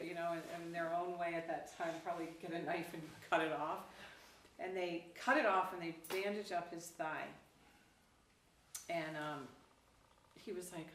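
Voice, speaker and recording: A woman Zen teacher giving a dharma talk, telling a story casually with lively acted quotes, recorded from a distance in a roomy hall. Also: lowish voice, moderate pace. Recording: roomy, distant, faint background noise.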